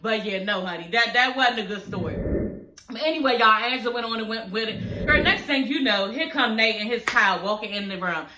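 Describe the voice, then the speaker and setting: A woman's voice: on the high side, fairly quick, echoey room, background noise. A woman reviewing a TV episode in a casual, chatty way, often cursing, laughing and calling her viewers y'all and girl. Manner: laughs often while talking. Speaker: show recap vlogger.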